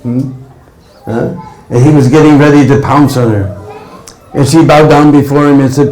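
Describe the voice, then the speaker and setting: A man at a middle pitch tells a devotional story as a sermon. He keeps checking in with his listeners with "hmm?" and "huh?". His voice carries the echo of a roomy temple hall. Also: fairly even intonation, moderate pace, darkish tone. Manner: tags lines with "hmm?" and "huh?". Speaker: preacher.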